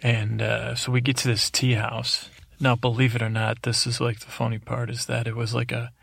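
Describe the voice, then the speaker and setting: A man with a heavily gravelly voice drones through a rambling bedtime story, keeping his pitch level and monotone. He wanders, stalls and corrects himself as he goes, speaking close to a dry microphone. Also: normal speed, dry recording. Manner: meandering, droning, self-interrupting. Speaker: podcast host. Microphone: close studio microphone.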